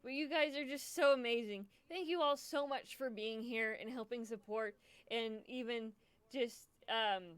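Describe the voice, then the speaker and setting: A woman's voice: fairly high pitch, a little slow, clean tone, dry recording. A young woman hosting a charity livestream, emotional and choked up, stammering and repeating herself as she talks casually to her viewers. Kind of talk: casual live stream chat.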